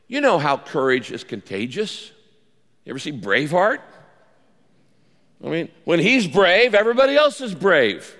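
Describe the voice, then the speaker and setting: A man preaching a sermon as the pastor, animated and acting out the voices in the story he tells. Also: moderate pace, pauses often. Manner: animated preacher, acts out quoted lines with big pitch jumps. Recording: long reverb of a large hall.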